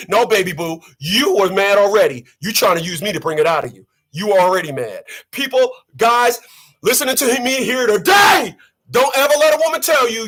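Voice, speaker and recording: A man's voice: high voice, sing-song, moderate pace, a bit bright. A man delivering preachy, profane ranting commentary on his channel, repeating lines for effect. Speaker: vlogger.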